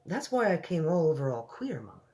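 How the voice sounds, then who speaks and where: A woman's voice: low voice, big pitch swings, a little fast, warm tone, pitched above the performer's own voice. A woman reading a storybook aloud and voicing a nervous middle-aged maid who stammers and quivers deferentially. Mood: anxious.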